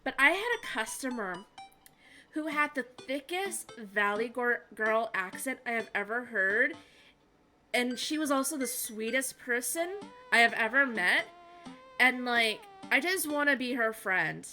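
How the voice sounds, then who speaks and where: A woman's voice: fairly high pitch, animated, a little slow, bright, forceful tone. A woman streaming a game live, chatting in a bubbly, rambling way. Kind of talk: live game-playing chat. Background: background music.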